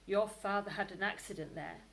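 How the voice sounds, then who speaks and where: A woman's voice: mid-range voice, fairly quick, a little hiss or hum, lightly acted. A woman voicing a caring but strict mother rabbit in a storybook, firm and warning in tone. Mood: stern.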